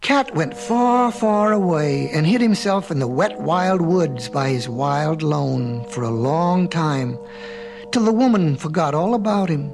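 A man reading a storybook aloud in a slow, rhythmic way, lingering on repeated phrases. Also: on the high side, animated, rough recording.

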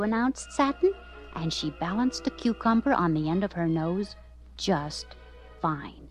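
A woman narrating a children's story aloud in an expressive, lively way. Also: on the low side, measured pace, faint music behind.

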